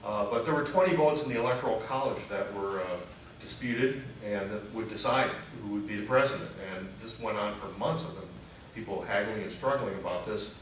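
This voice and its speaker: A man giving a conversational history lecture to a gathering, pausing on fillers and correcting himself as he goes. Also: lowish voice, slight background noise. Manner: unscripted, frequent "uh" fillers and self-corrections; asks the audience questions. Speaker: lecturer at a freethought congregation. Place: meeting hall with an audience. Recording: very echoey hall, distant mic.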